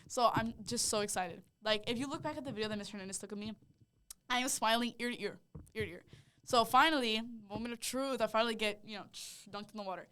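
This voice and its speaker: A woman's voice: on the high side, fast talker, fairly bright tone, smooth. A young woman sharing a heartfelt personal faith testimony in casual chat, with lots of "like" fillers. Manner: heartfelt storytelling, full of "like" fillers. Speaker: podcast co-host sharing her testimony.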